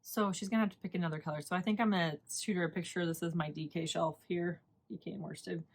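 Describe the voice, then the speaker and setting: A woman's voice: fairly low pitch, fairly even intonation, quick pace, vocal fry. Chatty woman hosting a knitting podcast. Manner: chatty, rambling, laughs often. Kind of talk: casual chat.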